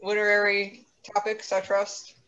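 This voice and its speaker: A woman on a podcast panel, bantering in a quick, teasing manner. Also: medium pitch, completely flat delivery, a bit bright. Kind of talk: casual chat. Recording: dull lo-fi audio.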